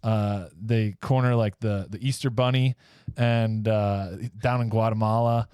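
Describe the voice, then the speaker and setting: Male podcast host who rambles through his stories; smooth mid-range voice, dry close mic. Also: lowish voice, fairly even intonation, measured pace, mellow, no echo. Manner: rambling, filler-heavy storytelling. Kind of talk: casual comedic chat.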